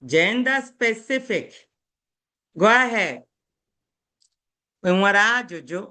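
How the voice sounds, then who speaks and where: Woman teaching Igbo, unhurried and patient, repetitive drilling at a middle pitch. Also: expressive, fairly bright tone. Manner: patient, repeats and drills words, checks with "okay?". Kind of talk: beginner language lesson.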